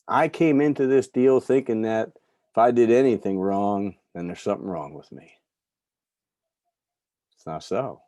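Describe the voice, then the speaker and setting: Man, middle-aged, candid recovery talk, warm dark tone, dry close sound. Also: lowish voice, animated, unhurried, pauses often, no echo. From New York. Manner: candid storytelling, soft asides. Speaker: recovery speaker.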